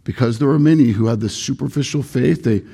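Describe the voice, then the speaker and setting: A man's voice: mid-range voice, brisk, creaky, mellow, breathy edge. A male pastor preaching a sermon in an earnest, emphatic way, stressing points through repetition.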